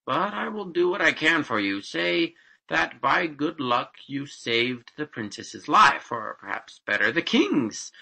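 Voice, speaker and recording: A man voicing a wise, patient spirit godfather who speaks in a measured, counselling way. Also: on the high side, big pitch swings, creaky, sharp tone, pitched above the performer's own voice, full character voice.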